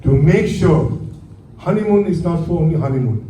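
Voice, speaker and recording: A man lectures a class on flying, quizzing his students with rhetorical questions. His voice is mellow and dark yet fairly high, and it comes from some distance across an echoey room with a faint hum behind it. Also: animated, moderate pace. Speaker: aviation instructor.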